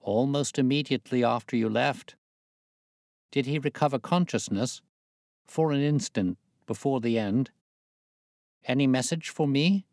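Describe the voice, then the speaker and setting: A man reading aloud, voicing a grave doctor who answers briefly and calmly. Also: mid-range voice, measured pace, long pauses, no echo, studio quality, lightly acted. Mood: somber.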